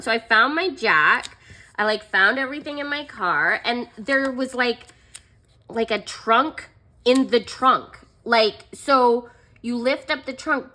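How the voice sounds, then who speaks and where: A woman's voice: fairly high pitch, pushed and bright. A young adult woman vlogger telling a story in a chatty, self-mocking way while she decorates a planner, laughing often and filling with "like" and "um".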